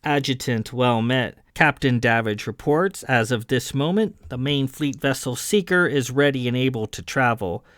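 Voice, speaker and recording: A cheerful, commanding starship captain, as a male reader puts him on. His orders come brisk and friendly, pitched up a little from plain reading. The sound is close and dry. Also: fairly bright tone, dry recording, lightly acted.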